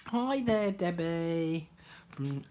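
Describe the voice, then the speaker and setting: Low-voiced older woman chatting. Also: expressive, extremely slow, a little hiss or hum. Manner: chatty, greets viewers by name, drops to soft murmurs while working. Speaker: craft live-stream host. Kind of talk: casual live-stream chat while crafting.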